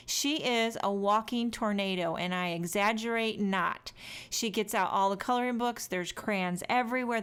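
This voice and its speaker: Chatty woman with a smooth voice. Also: mid-range voice. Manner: chatty, joking, talks straight to viewers. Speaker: card-making crafter. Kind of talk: chatty craft tutorial voice-over.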